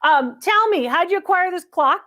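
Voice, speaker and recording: Brief: high-pitched middle-aged woman host, upbeat, chatty antiques appraiser on a call-in show. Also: lively intonation, moderate pace, bright, forceful tone.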